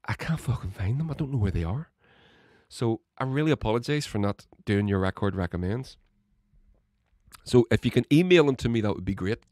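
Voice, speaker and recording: A man with a lowish voice and lively intonation rants alone on his own political podcast, talking a little fast. He swears constantly, growing heated until he is shouting. The audio is studio quality with no room sound.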